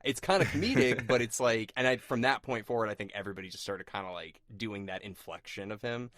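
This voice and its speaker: A man's voice: fairly low pitch, fast, a bit bright, no room sound, clean studio sound. A man hosting a horror-film podcast, chatting casually and animatedly with frequent swearing. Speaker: podcast host.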